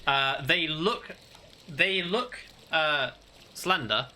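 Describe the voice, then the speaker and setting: A man's voice: a little high, drawn-out words, bright, forceful tone. A man narrating a tabletop game as game master, hesitant and full of fillers.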